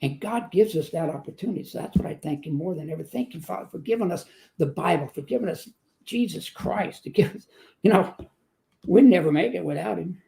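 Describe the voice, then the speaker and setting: A man in his seventies, a guest giving an earnest faith testimony and telling a joke, with slow emphatic phrasing. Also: high-pitched, expressive, vocal fry, warm tone. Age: 70s.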